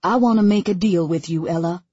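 A woman voicing a wealthy, composed older man who speaks slowly and drily, in an audiobook reading. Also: lowish voice, warm tone, slightly rough, no room sound, dull audio. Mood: dry.

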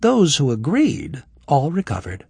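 A man voicing a frank, wry young woman healer in an audiobook, his voice lifted higher for her. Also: a little slow, husky, no echo, full character voice. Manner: raised voice for a woman, expressive.

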